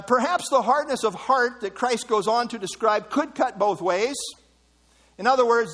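A man with a notably high voice delivers a sermon-style Bible lesson. He explains carefully, with frequent small fillers. His voice carries a long, reverberant tail as if in a large hall. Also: a bit bright. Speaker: Bible teacher.

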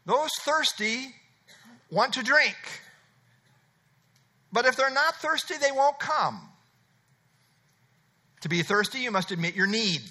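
A man's voice: very high voice, animated, slow, long pauses, sharp tone. A middle-aged man preaching an expository sermon, emphatic and conversational, repeating his key phrases. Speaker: pastor.

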